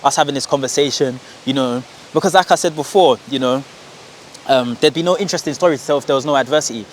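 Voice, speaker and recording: Young London man, podcast guest, lively storyteller, quick delivery. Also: mid-range voice, slight background noise. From England. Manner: animated storyteller, acts out quoted voices. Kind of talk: casual interview chat.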